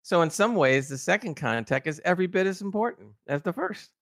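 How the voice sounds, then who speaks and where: A man's voice: high voice, animated, fairly quick, gravelly, dry recording, studio quality. A man co-hosting a casual podcast review, speaking emphatically and with exasperation as he hammers on what he dislikes. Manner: emphatic and exasperated, pounding on flaws. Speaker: podcast co-host reviewing a TV episode.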